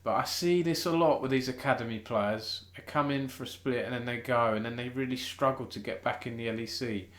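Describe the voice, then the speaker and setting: A man's voice: mid-range voice, brisk, hardly any pauses, a bit bright, echoey room. Chatty British man hosting esports news. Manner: chatty, self-interrupting, thinks aloud. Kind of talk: casual live-stream news chat.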